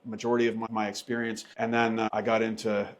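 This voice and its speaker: A middle-aged man, a trucker and podcaster, chatting as a guest, animated and often repeating words as he searches for them. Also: fairly low pitch, fast talker. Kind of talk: casual storytelling chat.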